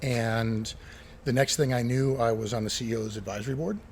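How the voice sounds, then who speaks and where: A middle-aged man who used to be an air traffic controller and pilot tells lively stories as an interview guest, acting out what people said. His voice sits at medium pitch and runs a little fast. The casual chat was recorded in a former airport terminal near a runway.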